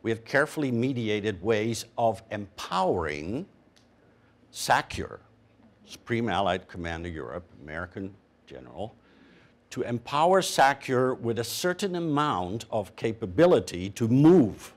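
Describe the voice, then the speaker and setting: Male panelist, measured and halting, animated intonation. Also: on the low side. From Canada. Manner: measured, hesitant with fillers. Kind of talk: panel discussion answer.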